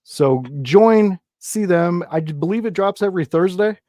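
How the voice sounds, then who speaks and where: A man with a mellow, warm voice chatting on a wrestling livestream. He speaks in a laid-back, encouraging way, and the sound is dry and close. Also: high voice, moderate pace, dry recording. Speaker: livestream co-host. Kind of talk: casual livestream chat.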